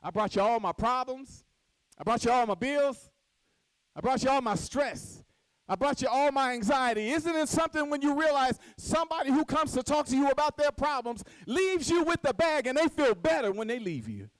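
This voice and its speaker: A woman delivers a motivational speech from a conference podium, acting out little scenes and quizzing the audience. Her voice sits high and expressive at a moderate pace, with no echo but a rough recording.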